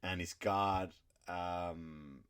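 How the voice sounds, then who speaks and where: Man, comedian podcast host, lowish voice, profane, rambling, indignant storytelling. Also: steady tone, very slow, fairly bright tone, smooth.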